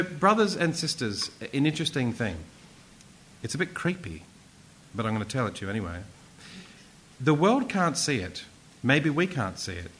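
A man preaches a sermon in a lively, animated way, his voice rising and falling widely. He presses hard on the key points and slips in casual asides and self-corrections. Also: mid-range voice, a little hiss or hum, low-quality recording.

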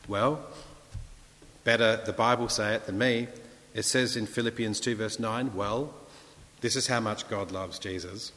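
A man's voice: lowish voice, moderate pace, a bit bright, in a large hall. A man preaching a sermon, reading scripture with earnest, rising emphasis.

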